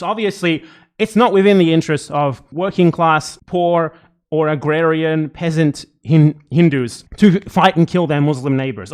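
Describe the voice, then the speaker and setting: A man's voice: a little high, darkish tone. A man streaming live, reacting to a video with angry, exasperated commentary full of swearing.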